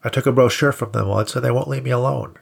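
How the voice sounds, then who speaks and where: A cornered, evasive man who whines and protests, as a male narrator puts him on. The voice is pitched a little above the reader's low, gravelly register and keeps a husky grain. It is an audiobook character voice. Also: fairly even intonation, fast talker. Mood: defensive.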